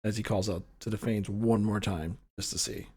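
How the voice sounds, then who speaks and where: Mellow laid-back male player. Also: fairly low pitch, steady tone, normal speed, breathy edge. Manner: laid-back, laughs easily. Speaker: player and stream co-host. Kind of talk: casual game table chat.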